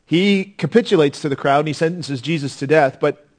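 A man preaching a sermon as pastor, earnest and dynamic, swinging from loud emphasis to hushed intensity. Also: fairly high pitch, a little fast.

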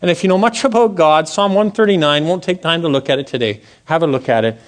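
A man, preaching a sermon in a church and telling a personal story, animated and conversational, asking the congregation questions. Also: fast. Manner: animated storytelling, acts out quotes with big pitch jumps; conversational, asks the audience questions. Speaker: pastor.

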